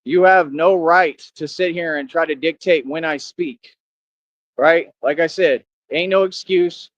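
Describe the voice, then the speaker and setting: A man's voice: on the high side, measured pace, highs cut off. A man vlogging outdoors, boasting and confronting his viewers in slang-heavy street talk.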